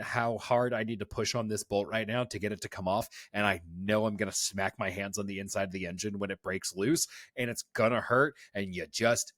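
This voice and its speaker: A man's voice: fairly low pitch, dry recording, clean studio sound. A man co-hosting a TV review podcast in casual chat, telling stories animatedly and acting out quotes. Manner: animated storytelling, acts out quotes. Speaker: podcast co-host.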